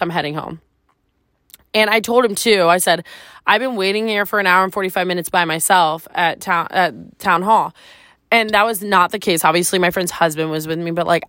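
A woman tells a personal story on her podcast in a loose, candid, chatty way, peppered with "like" and the odd swear word. Her voice sits at an ordinary middle pitch. The sound is dry, with no room around it. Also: a bit bright, no room sound. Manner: casual, chatty, heavy use of "like", swears freely. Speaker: podcast host.

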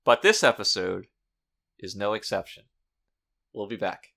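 A man's voice: lowish voice, very animated, unhurried, vocal fry, bright, forceful tone. A man co-hosting a podcast in casual chat, talking with dry, sarcastic humor. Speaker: podcast co-host.

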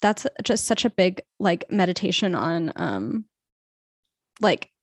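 A woman's voice: fairly low pitch, big pitch swings, slow, no echo. Giggly woman in casual chat. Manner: laughs easily, rambling and hedging. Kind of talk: casual chat reviewing a TV series.

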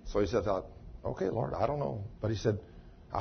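A man preaches a sermon in a folksy, plain-spoken way, retelling a story and voicing its dialogue. His voice is husky and slightly raspy. The recording is muffled and lo-fi, like an old sermon tape. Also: fairly low pitch, quick pace. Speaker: pastor.

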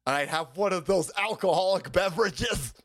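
A man putting on a mocking impression of a former male president, slow and halting. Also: high-pitched.

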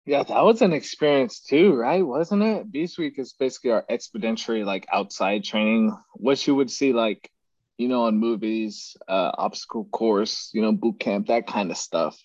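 A man's voice: mid-range voice, moderate pace, dry recording. A man hosting a podcast, telling his stories in casual chat and laughing often. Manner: animated storyteller, laughs often. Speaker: podcast host. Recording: dry, dull lo-fi sound.

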